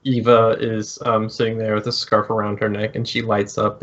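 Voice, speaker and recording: A man as game master, narrating a tabletop game with hesitant pauses and restarts. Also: fairly low pitch, completely flat delivery, a bit bright, highs cut off. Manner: hesitant, lots of ums and restarts.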